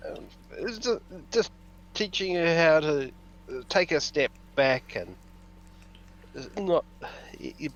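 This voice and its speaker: A man playing a tabletop game, speaking hesitantly with many pauses and fillers. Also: on the high side, animated, a bit bright. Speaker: player. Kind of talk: casual game chat. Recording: dull lo-fi mic with faint noise.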